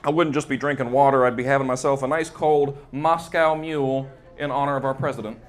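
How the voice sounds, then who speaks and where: A man's voice: mid-range voice, fairly even intonation, a little fast, slight background noise. A young man performing a stand-up set on a club stage into a handheld mic, chatty and working the crowd with frequent "right?". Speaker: stand-up comedian.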